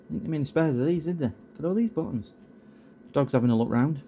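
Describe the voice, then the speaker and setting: A man talks casually as he works at his bench, drifting from one tangent to the next. His voice is mellow and relaxed, and a faint hiss sits under it. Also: mid-range voice, quick pace. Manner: rambling, chatty, easily sidetracked. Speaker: streamer repairing electronics. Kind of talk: casual chat while soldering.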